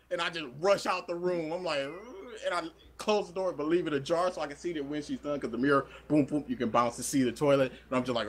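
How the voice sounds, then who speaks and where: A young man co-hosting a podcast, telling a story in casual chat, animated and laughing often as he acts out quoted voices. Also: a little high, a little fast, few pauses. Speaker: podcast co-host.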